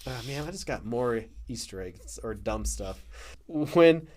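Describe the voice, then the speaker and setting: A man's voice: mid-range voice, expressive, a crowd in the background. Chatty man who laughs a lot. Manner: chatty, laughs often, quick asides. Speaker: podcast co-host. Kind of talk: casual film discussion.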